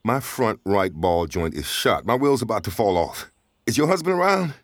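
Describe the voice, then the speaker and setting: An anxious stranded traveler, played by a man, talking fast and pleading in a lively, up-and-down voice. His nerves show as he goes from wheedling to shouting for help. The recording is dry and close in this audio drama. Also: fairly low pitch, dry recording. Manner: jittery, pleading, bursts into yelling for help. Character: stranded wary man from Detroit, rattled, talkative.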